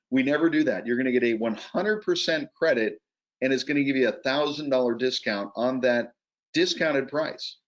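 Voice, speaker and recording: Male webinar presenter, persuasive and pressing, muffled video-call audio. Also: mid-range voice. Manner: energetic, urgent, persuasive. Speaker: guest presenter. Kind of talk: sales pitch on a webinar.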